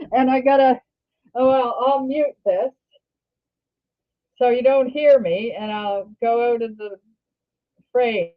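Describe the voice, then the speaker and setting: An older woman from Canada chats on her livestream in a slow, meandering way, backing up and starting her sentences over. Her voice comes through thin and tinny, like over a phone line. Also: a little high, steady tone. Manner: rambling, halting, self-correcting. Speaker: livestream host. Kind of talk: casual livestream chat.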